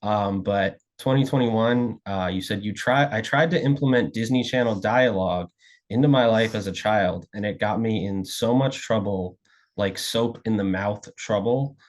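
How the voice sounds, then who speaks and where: A man's voice: on the low side, moderate pace. A man interviewing a guest over a video call, easygoing and hesitant, with many "uh"s and "um"s. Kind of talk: casual interview chat.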